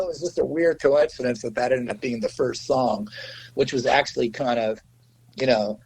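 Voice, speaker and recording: A middle-aged man, a guest musician, telling anecdotes in an interview, animated, swearing freely and acting out quotes in a raised voice. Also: medium pitch, brisk, breathy edge, poor audio.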